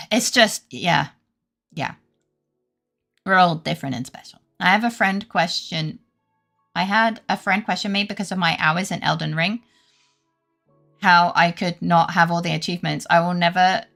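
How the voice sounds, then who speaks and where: A woman's voice: lowish voice, creaky, bright, forceful tone. A British woman streaming live, chatting with viewers in a rambling, sweary, self-deprecating way and laughing often. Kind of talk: casual chat with live viewers.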